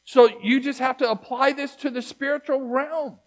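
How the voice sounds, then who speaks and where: A man preaching a sermon as pastor, talking to his church in a conversational, emphatic way that swings from loud to hushed. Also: extremely high pitch, fairly even intonation, normal speed.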